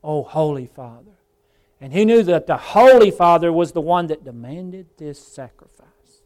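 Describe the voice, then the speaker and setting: Man, preacher, higher voice, fervent sermon, hushed to loud swings, scripture quoting. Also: lively intonation, normal speed. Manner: addresses congregation as folks and brother; quotes scripture in old-style wording. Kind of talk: evening church sermon.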